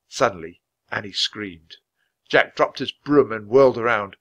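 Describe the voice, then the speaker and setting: A man reading a children's chapter book aloud at a natural, clear pace. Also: on the low side, unhurried, a bit bright. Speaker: storybook reader.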